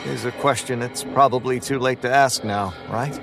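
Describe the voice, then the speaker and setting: A man narrating a first-person horror story in a flat, weary, grim manner. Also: medium pitch, normal speed, creaky, music in the background.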